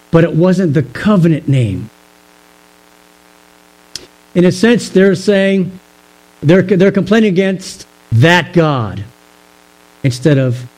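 Teaching a sermon from scripture, this pastor speaks in a mellow, fairly high voice, calm and explanatory, often asking his audience rhetorical questions. The recording is of poor quality.

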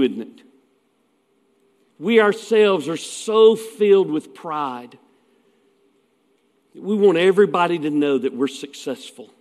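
A man's voice: sits high, big-room sound. A man preaching a sermon as pastor, telling stories in a folksy way with asides.

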